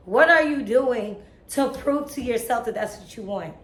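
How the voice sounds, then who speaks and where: Young woman, emotional faith vlog, earnest and tearful, high-ish voice, echoey room. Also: expressive, moderate pace, hardly any pauses, fairly bright tone. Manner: earnest, self-motivating, preachy, casual slang. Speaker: vlogger.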